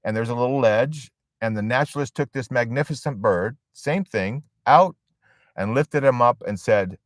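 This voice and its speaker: A man leading a support group, giving a storytelling sermon with emphatic, pause-filled delivery. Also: medium pitch, dry recording, studio quality.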